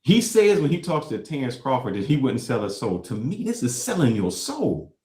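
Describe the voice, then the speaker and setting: Animated man reacting to clips in an echoey room. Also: mid-range voice, moderate pace. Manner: emphatic, repeats phrases for effect. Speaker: show host. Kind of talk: reaction commentary on played clips.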